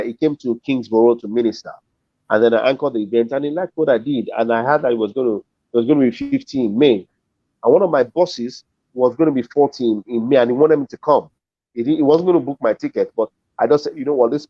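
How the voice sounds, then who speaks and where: A man's voice: medium pitch, dry recording. A middle-aged Nigerian man, a comedian and compere, telling a story as an interview guest and acting out the voices of the people in it. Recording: dull dry lo-fi audio.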